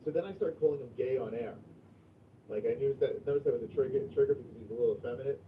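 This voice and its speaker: A man hosting a livestream in casual chat, crude and profane, going from mumbling to loud outbursts. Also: mid-range voice, very fast, distant mic, slight background noise. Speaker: livestream host. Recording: tinny phone-like sound from off mic.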